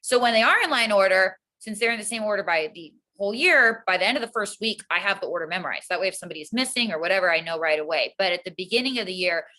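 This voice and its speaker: A woman teacher with an earnest, calm manner, explaining her classroom routines in a casual interview. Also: medium pitch, quick pace, few pauses, rough recording. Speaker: teacher, guest.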